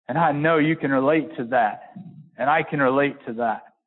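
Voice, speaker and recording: Sounding as if through a phone, a man preaches and reads from scripture, homespun and stop-start, rising to loud high peaks and slowing down heavily to hit key words.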